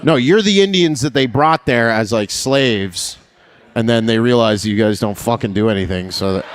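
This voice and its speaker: A man's voice: mid-range voice, moderate pace, slight background noise. A young man doing stand-up on a live stage, brash and profane, chatting with the crowd and laughing at his own jokes. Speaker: stand-up comedian.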